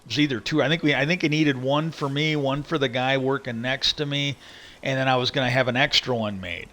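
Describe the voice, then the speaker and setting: A man's voice: medium pitch, steady tone, brisk, pushed and bright. A man casually telling a long story about his old job, rambling and quoting himself with "I go". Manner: rambling, restarts, quotes himself with "I go". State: a little lightheaded. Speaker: livestream host. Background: music.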